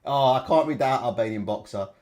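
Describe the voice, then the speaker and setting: A man's voice: medium pitch, quick pace, darkish tone. A man hosting a casual live stream, blunt and sweary, laughing as he reads out chat comments. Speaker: livestream host.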